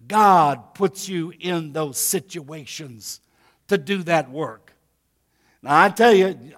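A man's voice: high-pitched, a bit bright. A pastor preaching a sermon to his congregation, talking to them directly in a folksy way. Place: church sanctuary.

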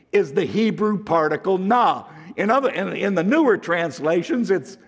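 A man preaching a sermon, slow and deliberate, swinging from emphatic highs to hushed lows. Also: animated, creaky, husky, big-room sound. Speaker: pastor.

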